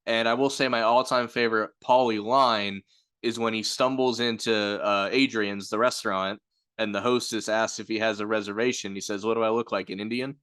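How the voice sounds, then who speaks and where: A man's voice: fairly low pitch, fairly even intonation, moderate pace, a bit bright, clear, resonant tone. Man musing in casual film chat. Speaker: film review podcast co-host.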